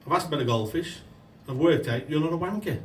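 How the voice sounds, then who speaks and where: A man tells long, rambling jokes with plenty of swearing. He often loses his place in the story. His voice comes from a distance in an echoey room, with loud background noise. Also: a little high, quick pace. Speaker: amateur stand-up comedian. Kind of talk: stand-up joke telling. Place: function room before a laughing crowd. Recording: echoey room recorded from afar, noisy.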